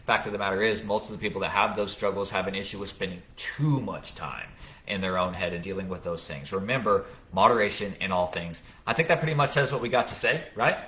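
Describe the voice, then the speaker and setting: A low-pitched man with a bright, forceful tone hosting a casual live podcast. He is middle-aged and explains his ideas patiently, working through examples with frequent restarts. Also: quick pace. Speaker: podcast host.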